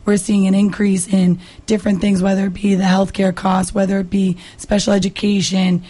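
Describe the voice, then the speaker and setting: A hoarse woman from Massachusetts with a raspy voice, a state representative talking earnestly as a guest in a radio interview, with many fillers and restarts. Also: medium pitch, flat delivery, normal speed, warm tone. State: hoarse, lost her voice.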